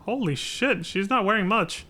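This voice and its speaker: High-voiced man joking over game music. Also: normal speed. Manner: irreverent, swearing, joking. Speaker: streamer. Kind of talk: live game commentary. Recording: loud game music behind.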